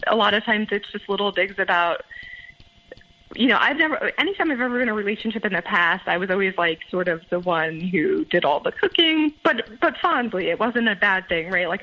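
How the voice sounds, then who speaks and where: A woman's voice: medium pitch, dull audio. A young adult woman recounting her own experience in a casual, hesitant way, full of fillers and restarts. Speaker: guest. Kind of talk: casual personal account.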